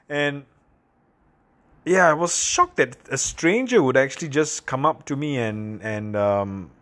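A man from Singapore, hosting a podcast and telling personal stories in a candid, halting, self-deprecating way. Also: mid-range voice, fairly bright tone. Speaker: podcast host. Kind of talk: casual personal monologue.

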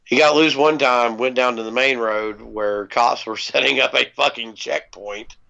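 A man's voice: mid-range voice, normal speed, creaky, sharp tone. A man casually telling a long personal story on a podcast, laid-back, with plenty of ums and freely dropped swear words. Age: adult parent. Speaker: podcast co-host. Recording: dull lo-fi podcast audio.

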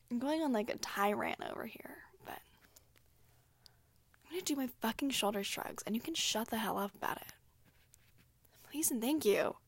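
A woman's voice: a little high, no echo. A young woman talking casually and candidly on her own, profane and emphatic, full of "like" fillers. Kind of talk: casual solo talk.

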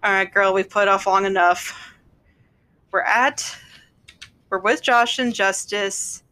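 A woman's voice: mid-range voice, fairly even intonation, takes it slowly, pushed and bright. A woman in casual chat, recapping a show with a friend, reading quotes aloud and adding blunt, exasperated asides.

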